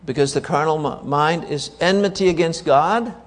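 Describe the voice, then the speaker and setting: A man delivers a sermon with emphatic force, often repeating his key words and asking the congregation rhetorical questions. His voice sits a little high for a man. The sound rings with the long reverb of a large hall. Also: normal speed. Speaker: preacher.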